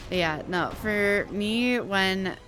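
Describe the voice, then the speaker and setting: A woman's voice: mid-range voice, very slow, music in the background. A woman streaming a video game, chatting casually and venting her frustration while reading chat aloud.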